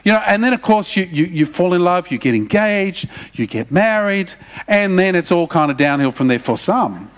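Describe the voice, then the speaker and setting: A middle-aged man preaching, his voice pitched high for a man. He talks to the congregation in a relaxed, conversational way and slips in humorous asides. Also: moderate pace. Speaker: pastor. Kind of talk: sermon.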